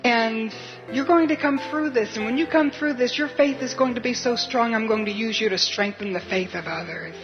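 Jesus, as a woman preacher voices him, tender and slow. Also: on the high side, highs cut off, over music, natural voice. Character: Jesus, a tender loving man.

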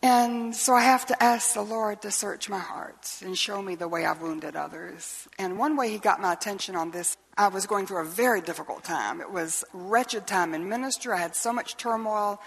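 A woman's voice: mid-range voice, normal speed, creaky, hardly any pauses, slightly rough. An older woman, a Bible teacher preaching a sermon in an earnest storytelling way, often asking rhetorical questions. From Southeastern US. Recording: long hall reverb.

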